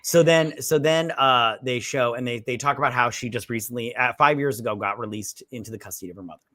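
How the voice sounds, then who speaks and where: A man's voice: medium pitch, fast talker, sharp tone, no room sound. A man co-hosting a casual movie review chat, rambling and retelling scenes with a lot of "he's like.". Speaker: movie review podcast co-host.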